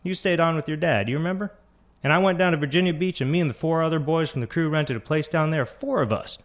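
Man voicing a gruff middle-aged bus driver, pushy, raised pitch. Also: quick pace, close to an everyday voice. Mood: insistent. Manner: pushy, talks over the other man.

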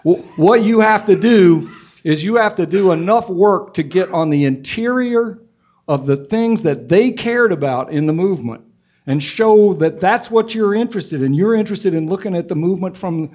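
A man, an author, answering audience questions in an earnest, halting way with many restarts. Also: high voice, animated, darkish tone. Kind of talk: Q&A talk, reflective storytelling. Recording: dull lo-fi event recording.

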